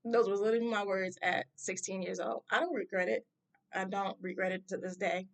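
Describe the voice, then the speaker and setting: A woman with a gravelly, fry-edged voice recounts her own past in a personal story time. She talks bluntly and with emphasis, at an ordinary pitch and an easy conversational flow. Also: fairly even intonation, a little fast.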